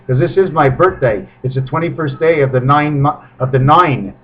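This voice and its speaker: A man talking in a rambling spiritual monologue to his webcam, his pitch swinging suddenly between high and low. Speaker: webcam video maker. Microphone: webcam microphone. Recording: dull lo-fi webcam audio.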